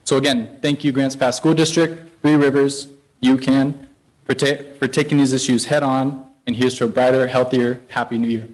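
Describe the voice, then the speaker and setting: A man's voice: medium pitch, little pitch movement, moderate pace, poor audio. A man representing a community health partner, reading formal prepared remarks at a public meeting. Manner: formal, read-out, with occasional uh fillers.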